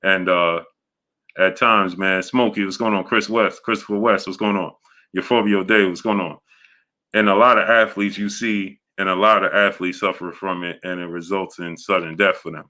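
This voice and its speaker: A man hosting a casual live stream, greeting viewers by name and talking haltingly with many fillers. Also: low voice. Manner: greets viewers by name in a steady run-through. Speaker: host of a boxing live stream.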